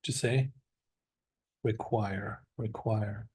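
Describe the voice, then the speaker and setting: A man's voice: on the low side, steady tone, drawn-out words, a little mellow. A man teaching a classroom vocabulary lesson, encouraging his students and drilling the words aloud with them. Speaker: English teacher.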